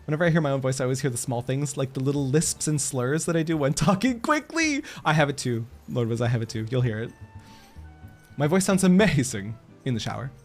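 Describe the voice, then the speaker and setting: A man streaming a game, chatting casually with his chat, animated, laughing often and swearing freely. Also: mid-range voice, brisk, soft background music.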